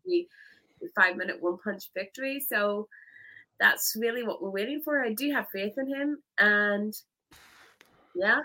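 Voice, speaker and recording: A woman's voice: medium pitch, normal speed, bright, forceful tone, rough recording. A woman co-hosting a casual wrestling chat, enthusiastic and emphatic, laughing easily. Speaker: podcast co-host.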